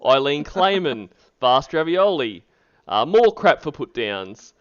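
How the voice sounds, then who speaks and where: Laughing streamer with a lively voice. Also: male voice, on the high side, slow pace, highs cut off, slight background noise. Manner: laughs often, rambling shout-outs. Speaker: streamer host. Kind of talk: casual stream chat.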